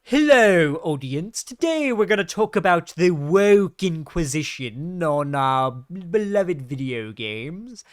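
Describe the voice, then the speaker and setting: A man's voice: a little high, lively intonation, takes it slowly, few pauses, smooth, no room sound, clean studio sound. A man putting on a pompous fake-British YouTuber. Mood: mocking. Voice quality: mocking, affected.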